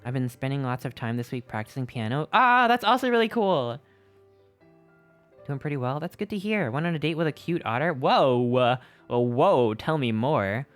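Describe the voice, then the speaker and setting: A young adult streamer chatting casually with a live chat, upbeat and excitable, reading messages aloud. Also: medium pitch, fairly quick, hardly any pauses, soft background music.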